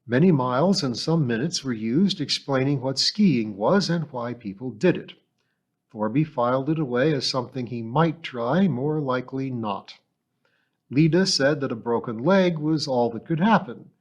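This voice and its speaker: A man reads a novel aloud in a steady, measured storytelling voice. His pitch sits at an ordinary middle level, and his delivery stays even and unhurried, like a calm audiobook narration. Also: highs cut off. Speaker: audiobook reader.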